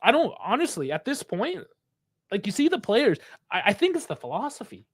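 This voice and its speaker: A man with a high voice rants through a live match reaction, swearing constantly and sounding fed up. His commentary swings between terse play calls and long frustrated tirades. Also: big pitch swings, fairly quick, slightly rough. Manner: angry, frustrated, heavy swearing.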